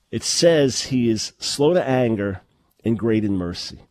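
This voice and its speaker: A man's voice: medium pitch, lively intonation, measured pace, darkish tone. A middle-aged man preaching a sermon, emphatic and full of rhetorical questions, often restarting his words. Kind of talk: sermon-style teaching.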